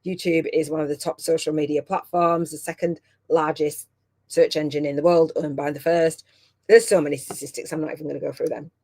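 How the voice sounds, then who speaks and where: Host: middle-aged woman, low-pitched, emotional and chatty coach running a live masterclass. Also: level tone, fairly quick, darkish tone. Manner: heartfelt and chatty, close to tears.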